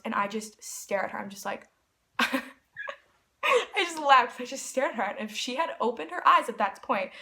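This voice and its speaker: A young woman talks straight to her camera, telling a story in an excited, rambling way. Her voice sits a little high, and her sentences keep stopping and restarting around "like.". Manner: gushing, filler-heavy with many "like"s. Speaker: vlogger.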